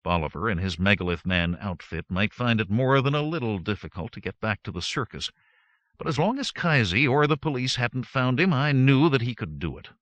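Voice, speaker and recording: A man narrating a first-person audiobook with wry, lively storytelling on a close studio mic. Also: mid-range voice, a little fast, no echo.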